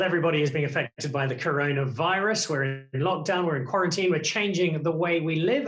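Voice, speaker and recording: Lively male talk show host, echoey room. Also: fairly high pitch. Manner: lively, jokey questions. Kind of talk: remote lockdown interview.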